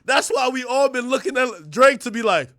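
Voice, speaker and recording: Man, livestream host, very high voice, swooping intonation, profane rant, dry close sound. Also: normal speed, no echo. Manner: loud, profane, animated, often laughing.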